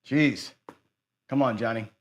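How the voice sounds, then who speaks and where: This is the host of a live craps stream, muttering and swearing at his viewers in frustration, dejected after a loss. His voice is mid-range and slow.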